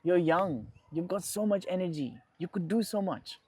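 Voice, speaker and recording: Guy putting on a pushy go-getter young dude, higher voice, keeps pressing. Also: lively intonation, moderate pace, a little mellow, husky, dry recording. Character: eager ambitious young man, pushy.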